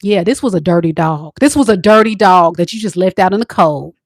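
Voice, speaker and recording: A playful woman tarot reader chats and teases her viewers in a loose, casual reading. Her voice sits low for a woman and sounds dry and close. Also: lively intonation, brisk, dry recording. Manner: playful, chatty, teasing viewers.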